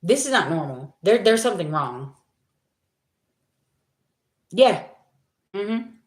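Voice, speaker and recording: Recorded in an echoey space, a woman delivers a spiritual reading in a sing-song, mid-range voice at a slow pace. Her casual monologue to viewers is blunt and full of profanity, with lots of repetition for emphasis.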